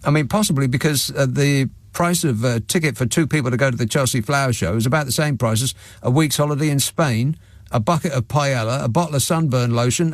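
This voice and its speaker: A man's voice: medium pitch, no echo. Sardonic male radio phone-in host. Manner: dry, sardonic asides. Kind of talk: talk radio monologue and phone-in. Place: radio studio. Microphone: studio microphone.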